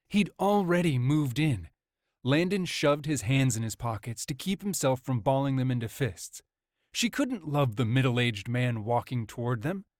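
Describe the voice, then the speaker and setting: A man narrating a romance audiobook in an even, measured way. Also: on the high side, no echo, studio quality. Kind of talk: scripted narration.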